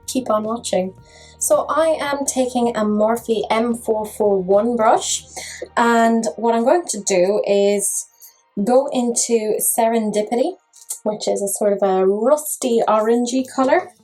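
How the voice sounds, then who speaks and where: A woman talks casually through a makeup review, teasing herself and her viewers. Her voice sits a little high and has a breathy, husky grain. Faint music plays behind her. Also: takes it slowly, a little mellow, poor audio. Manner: chatty, self-mocking humor. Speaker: makeup vlogger.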